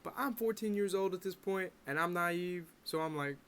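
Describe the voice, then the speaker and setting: A man's voice: sits high, moderate pace, fairly bright tone, smooth. A young man with a voice sitting a little above the usual male range tells a story from his bedroom. He tells it casually and with drama, dropping wry asides as he goes. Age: young adult. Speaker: vlogger.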